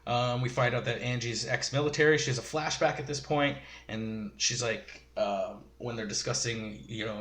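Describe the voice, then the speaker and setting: A man's voice: mid-range voice, steady tone, moderate pace, few pauses, a bit bright. A man giving a rambling, casual episode recap, full of fillers and chuckling asides. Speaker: show reviewer. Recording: roomy echo.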